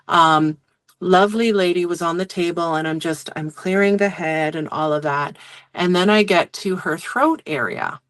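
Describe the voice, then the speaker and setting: A woman's voice: on the low side, a bit bright, no echo. Woman guest telling stories, dry sound. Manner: chatty, rambling, many fillers. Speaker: guest, medium and Reiki practitioner. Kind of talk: casual storytelling in conversation.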